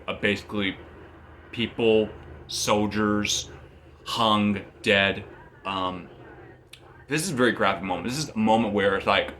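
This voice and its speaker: Rambling man recapping with a bright voice. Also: on the low side, a little hiss or hum. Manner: rambling, repeats and restarts phrases. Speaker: manga reviewer. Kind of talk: casual spoken recap.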